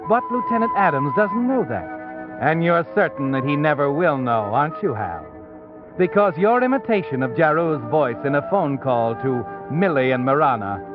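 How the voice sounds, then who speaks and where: A man's voice: fairly high pitch, lightly acted. An actor playing a mysterious, all-knowing male narrator in a 1940s radio drama, speaking in an ominous, taunting way. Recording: dull 1940s radio broadcast with music. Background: music.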